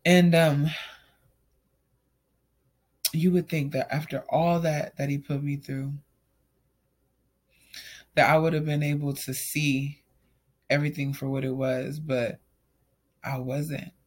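A young man tells an emotional story about his own life in a loose, run-on way. He stays candid and open throughout. His voice sits a little higher than most men's. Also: little pitch movement, slow pace, pauses often. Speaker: storyteller sharing a personal testimony. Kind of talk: casual personal storytelling.

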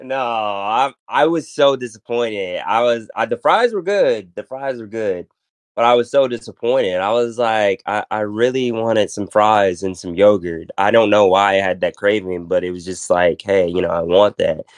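A man's voice: on the low side, fairly even intonation, moderate pace, few pauses, no echo. A man hosting a casual podcast, telling rambling stories full of fillers and restarts. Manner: rambling storytelling with many fillers. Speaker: podcast host. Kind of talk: casual chat.

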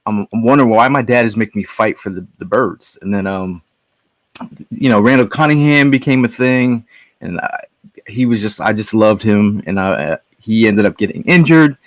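Podcast guest, man, low voice, dry close sound, loose rambling delivery. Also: lively intonation, moderate pace, no echo. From Connecticut. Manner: rambling storyteller with many fillers and restarts. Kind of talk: casual chat.

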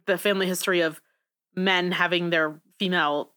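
A woman's voice: lowish voice, steady tone, fairly quick, pushed and bright. A young woman co-hosting a podcast in casual chat, talking emphatically with frequent laughter. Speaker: podcast co-host.

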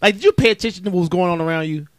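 A comedian co-hosting a podcast talks loosely and profanely in a slightly high, a bit bright voice, racing along as he circles his point and leans on it for emphasis. The recording is dry and close, with no room around it.

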